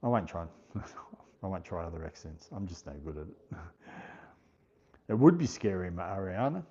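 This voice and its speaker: Low, husky Australian man chatting. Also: very animated, normal speed, warm tone, lo-fi sound. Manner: chatty and easygoing, laughs often, thanks viewers by name. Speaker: livestream host. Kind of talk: casual chat, reading viewer comments aloud.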